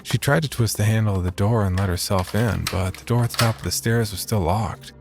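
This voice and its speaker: A man narrating a first-person horror story in a measured, steady voice. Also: on the low side, vocal fry.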